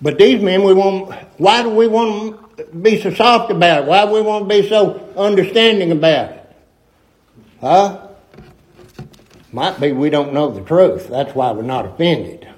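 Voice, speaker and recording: Folksy preacher, emphatic. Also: male voice, high voice, lively intonation, a little slow, rough recording. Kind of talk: sermon.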